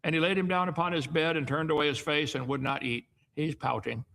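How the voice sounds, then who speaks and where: A man's voice: a little high, fairly even intonation, fairly quick, vocal fry, a bit bright. A middle-aged man reading Bible passages aloud and breaking off into folksy asides that often end in "okay?". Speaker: Bible teacher. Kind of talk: reading and commenting on scripture.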